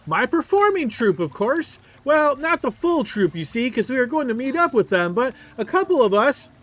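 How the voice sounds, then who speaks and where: Shrill, theatrical elf bard. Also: male voice, big pitch swings, normal speed, fairly bright tone, heavily acted. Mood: indignant. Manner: chatty, theatrical, stammering. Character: flustered boastful male elf bard captive. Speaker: game master. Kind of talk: tabletop role-play voice acting.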